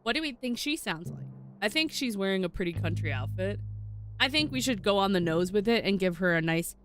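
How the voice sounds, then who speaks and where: A woman's voice: mid-range voice, expressive, brisk. A woman voice actor chatting casually while playing a game, bubbly and cooing over cute characters. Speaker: voice actor streaming gameplay. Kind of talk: casual gameplay commentary.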